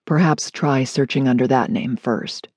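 A woman narrator voicing an intense, formal man with a deep, resonant voice who speaks stiffly. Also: a little slow, darkish tone, husky, no room sound, studio quality, heavily acted.

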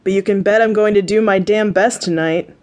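Lines for a cocky young male actor in a storybook romance, voiced in a relaxed, offhand way by a woman reading them, with a mid-range pitch and nothing exaggerated. He brushes off worries with easygoing confidence. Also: a little fast, lightly acted. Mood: hopeful.

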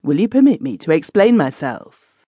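A woman's voice: sits low, very animated, normal speed, warm tone, breathy edge, no room sound, clean studio sound, heavily acted. A woman reading the part of a burly, grim former male executioner who speaks formally and solemnly, in an audiobook. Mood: earnest.

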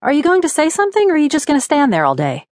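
A blunt, impatient woman who has had enough of ghosts, as a female narrator puts her on. She snaps her questions quickly in a raised, firm voice. The sound is close and dry. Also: high-pitched, huge pitch swings, no echo, pitched above the performer's own voice. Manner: snappy and blunt.

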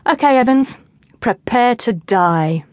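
Cheeky teenage heroine read by a woman, sharp comebacks, dry booth sound. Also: a little high, lively intonation, slow, no room sound, voice pushed up. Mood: cocky. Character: teenage girl heroine, feisty and quick-tongued.

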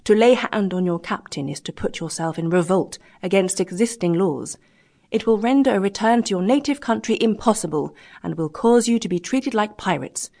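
A woman's voice: mid-range voice, animated, moderate pace, dark tone. A woman reading an audiobook, voicing a proud male ship captain who speaks in a firm, formal way. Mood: firm protesting.

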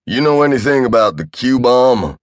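A man's voice: mid-range voice, lively intonation, moderate pace, dry recording, clean studio sound, voice pushed up, close to an everyday voice. A man voicing a blunt military general who talks in short, clipped bursts. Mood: gruff, pushy.

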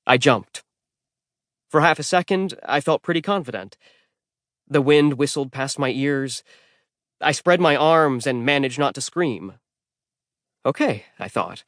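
Guy reading a kids audiobook, wry and deadpan, totally dry studio. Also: mid-range voice, unhurried, long pauses, no room sound. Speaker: audiobook narrator. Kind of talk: first-person scripted narration. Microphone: close studio mic.

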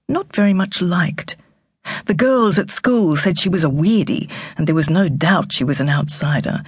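Woman audiobook narrator, husky, low, lilting, measured storytelling. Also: no room sound, studio quality. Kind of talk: scripted narration. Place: recording studio. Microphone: close studio mic.

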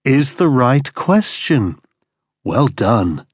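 A man voicing a muffled masked captor who speaks slowly and taunts with controlled anger. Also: mid-range voice, very animated, slightly rough, no room sound, studio quality, full character voice. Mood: taunting. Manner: slow, measured and taunting.

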